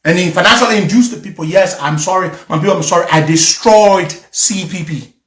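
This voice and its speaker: A man's voice: high-pitched, fairly quick, fairly bright tone, roomy sound. A man from Liberia, talking to his followers in an emotional, pleading monologue that circles back on itself.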